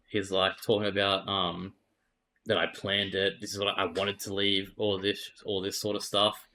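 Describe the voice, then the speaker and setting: A man's voice: on the low side, level tone, a little slow, bright, forceful tone. An Australian man, an esports player, candidly retelling events in a casual interview and swearing freely.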